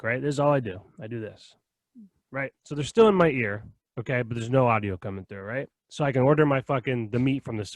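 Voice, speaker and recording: A young man on a podcast telling a story in casual chat, animated and profane, often checking in with "right?" and "okay?". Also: mid-range voice, no echo. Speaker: podcast co-host.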